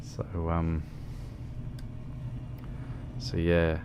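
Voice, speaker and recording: Man, very low voice, rambling game streamer, lots of ums, faint background hum. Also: monotone, very slow. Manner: rambling, hesitant, full of ums. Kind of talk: casual livestream chat while gaming.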